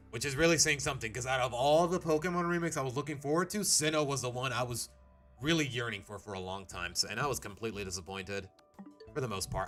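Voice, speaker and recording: A man's voice: mid-range voice, a bit bright. A man commentating casually while streaming a game, chatty and rambling with restarts. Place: home. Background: game music.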